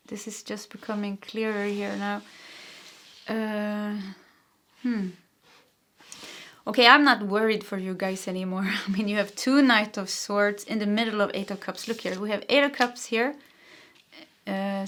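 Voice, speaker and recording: A woman with a Swedish accent giving a pick-a-card tarot reading, gentle and reassuring, with soft laughs and restarts. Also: mid-range voice. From Sweden. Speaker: tarot reader.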